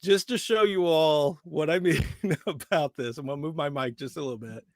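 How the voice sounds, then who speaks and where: A man, a voice actor guest, chatting in an animated, playful way during an interview. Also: a little high, normal speed, no echo, clean studio sound. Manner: animated, laughing, playful storyteller. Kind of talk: casual interview chat.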